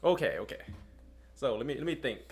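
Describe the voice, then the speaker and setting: A man appearing as a guest on a casual podcast, hesitant and unhurried, thinking aloud before he answers. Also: medium pitch, big pitch swings. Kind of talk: casual chat.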